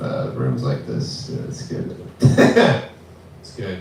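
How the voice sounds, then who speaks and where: A man's voice: fairly low pitch, measured pace, slight background noise. A young man doing a crude, swearing stand-up set at an open mic in a small bar. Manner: crude, swearing, deadpan jokes with acted-out voices. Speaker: stand-up comic. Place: small bar with live audience. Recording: very echoey room from far off.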